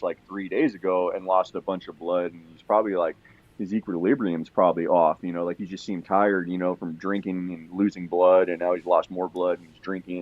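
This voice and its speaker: A man telling a long story on a podcast in a casual, rambling way, swearing freely and full of fillers and restarts. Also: sits low. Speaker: podcast guest. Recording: dull lo-fi sound.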